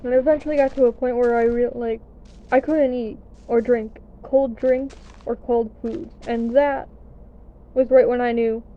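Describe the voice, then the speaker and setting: A woman's voice: fairly high pitch, steady tone, normal speed, highs cut off. A young American woman telling a story in a casual, chatty, self-deprecating way, swearing now and then. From United States. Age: young adult. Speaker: gaming vlogger. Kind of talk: casual storytelling over gameplay.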